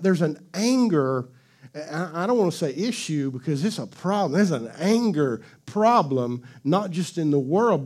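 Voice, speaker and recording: High-voiced man preaching a lively sermon. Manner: conversational, laughing, call-and-response with the congregation. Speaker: pastor.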